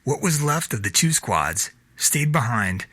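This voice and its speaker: A man reads his own novel aloud at a steady pace. His voice is bright with a husky edge, and his pitch moves a lot. The recording is close and dry, with no room sound. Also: a little slow, no echo. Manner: steady storytelling read. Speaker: narrator. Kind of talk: reading a self-published novel aloud.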